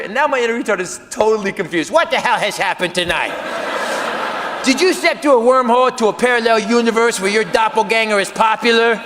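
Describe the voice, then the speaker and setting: A man telling a self-mocking story as a stand-up comedian, animated and jumping into acted quotes. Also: sits high, fairly quick. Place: comedy venue with live audience. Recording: live room with reverb and audience noise.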